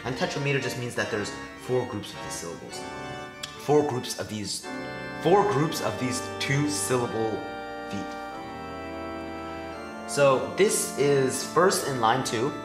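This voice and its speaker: A man's voice: mid-range voice, lively intonation, unhurried, long pauses. Teenage boy explaining meter in an echoey room. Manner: explanatory, tapping out syllable stresses aloud. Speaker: student presenter. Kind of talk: class presentation. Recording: echoey room with faint music.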